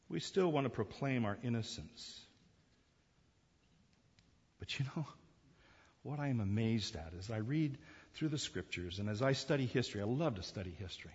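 A man's voice: mid-range voice, a little mellow, slightly rough. A male pastor preaching a sermon, telling a family story in a conversational way and repeating words as he builds emphasis. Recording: echoey hall, dull lo-fi sound.

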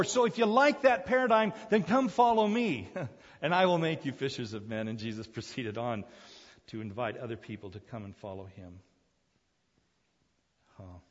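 A man preaching a sermon, telling the story in an animated way, acting out the crowd's voices and laughing often. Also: fairly high pitch, big-room sound, lo-fi sound.

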